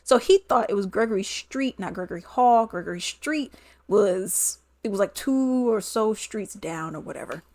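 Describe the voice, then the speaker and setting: A woman vlogger chatting casually through a storytime, animated and quick to laugh. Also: medium pitch, no room sound, studio quality.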